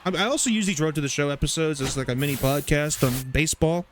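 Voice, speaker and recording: A young man narrates his own baseball video game like a mini podcast. He talks in a loose, profane, excitable ramble, his voice sitting a bit higher than usual, with faint background ambience in the room. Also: fast talker, slight background noise. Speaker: gaming YouTuber. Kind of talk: casual let's-play commentary.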